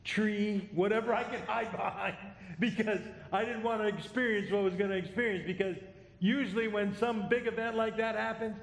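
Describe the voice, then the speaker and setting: Middle-aged male pastor, high voice, joking, conversational sermon, echoey hall. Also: fairly even intonation, moderate pace, gravelly. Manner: conversational, self-deprecating humor.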